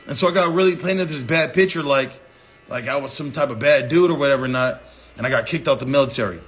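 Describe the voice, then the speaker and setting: A man's voice: mid-range voice, fast talker, a bit bright. A man in his thirties telling a personal story in a loose, profane, conversational way. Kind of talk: casual spoken storytelling.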